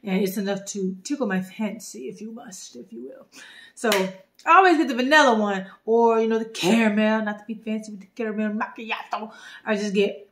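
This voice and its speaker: Slangy woman vlogging, kinda high voice, goofy and loud in spurts. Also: fairly quick. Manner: playful, slangy, animated bursts. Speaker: vlogger reviewing a drink. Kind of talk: casual chat.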